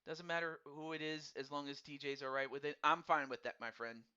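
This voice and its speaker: Bright-voiced man hosting a stream. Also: a little high, fairly even intonation, a little fast, clean tone, highs cut off. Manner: rambling, repeats words, upbeat and friendly. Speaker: host of a fantasy hockey draft stream. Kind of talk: casual live-stream chat.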